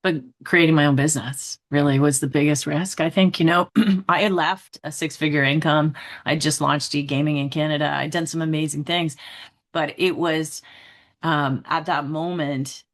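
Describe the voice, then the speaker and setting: Low-voiced woman telling lively stories. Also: moderate pace. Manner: animated storyteller who acts out her own past thoughts; upbeat and candid, with frequent "like" and "right?". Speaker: guest, emotional intelligence trainer and author. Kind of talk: casual interview storytelling.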